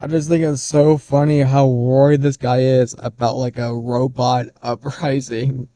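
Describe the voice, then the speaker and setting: A man's voice: medium pitch, flat delivery, unhurried, warm tone, soft background music. A man hosting a casual reaction commentary, blunt and mocking, who laughs off what he reacts to. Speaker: commentary host.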